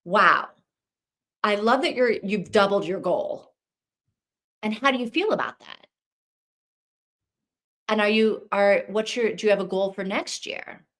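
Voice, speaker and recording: A woman hosts a live reading stream in a casual, chatty way. She thinks out loud and often restarts her sentences as she rambles. Her pitch sits in a middle range for a woman. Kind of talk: casual livestream chat.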